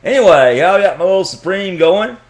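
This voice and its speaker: A middle-aged man rambles through a casual vlog, cracking crude jokes and chuckling at himself. His pitch swings up and down as he talks. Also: animated, brisk. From Texas, US. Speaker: vlogger.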